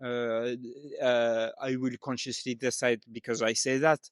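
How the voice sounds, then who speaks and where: A man voicing a middle-aged French father with a put-on French accent, speaking halting broken English full of fillers. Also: medium pitch, flat delivery, clear, resonant tone, no room sound, studio quality, lightly acted. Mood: earnest.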